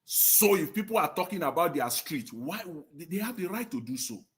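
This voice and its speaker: A man's voice: fairly high pitch, very animated, moderate pace, fairly bright tone. Fiery man on a panel. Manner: impassioned and indignant, with rising, emphatic rhetorical questions. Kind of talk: live-stream panel discussion.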